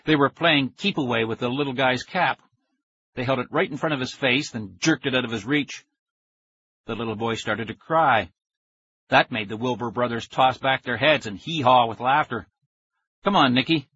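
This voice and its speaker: Bright husky man narrating a story. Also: mid-range voice, moderate pace, dry recording, lo-fi sound. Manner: first-person, steady storytelling. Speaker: audiobook narrator.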